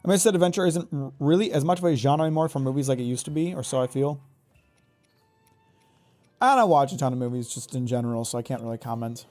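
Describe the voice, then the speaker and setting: A man's voice: mid-range voice, quick pace, a little mellow, soft background music. A man with a Midwestern American accent, chatting casually and rambling while streaming a game, swearing freely. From Oregon, raised in Michigan. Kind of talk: live gameplay commentary chatting with viewers.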